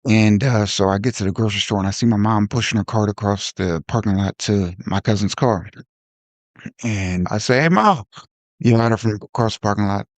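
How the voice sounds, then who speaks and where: A man hosting a podcast, telling a personal story in a reflective, halting way with frequent restarts. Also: lowish voice, fairly even intonation, dry recording. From Ohio. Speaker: podcast host.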